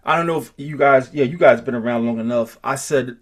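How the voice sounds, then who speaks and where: A man teaching an informal group class, talking slowly and thinking aloud, with many restarts and repeated words. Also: mid-range voice. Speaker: teacher of a Hebrew roots class.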